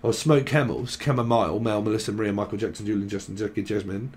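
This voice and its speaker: A man's voice: on the low side, fast talker. A man reads tarot in a rambling, stream-of-thought way. He hops from name to name and word to word, tossing in jokes as he goes. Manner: free-associating, joking, lists names and words. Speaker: tarot reader. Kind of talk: rambling channeled tarot reading.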